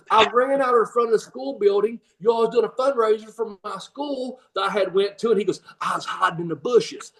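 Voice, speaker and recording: Chatty older man, somewhat high. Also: a little fast, creaky, hardly any pauses, distant mic, a crowd in the background, low-quality recording. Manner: rambling storyteller, laughs often, acts out fans' voices. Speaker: guest, former pro wrestler and trainer. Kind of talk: casual storytelling interview.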